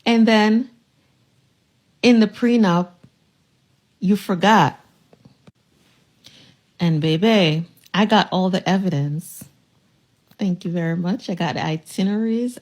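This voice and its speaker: A woman spins a personal story in a relaxed storytime manner, talking straight to her viewers as if to friends. She is sassy and emphatic, and her voice sits at an everyday middle pitch. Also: slow pace, pauses often. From United States. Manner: sassy, emphatic, addresses listener directly.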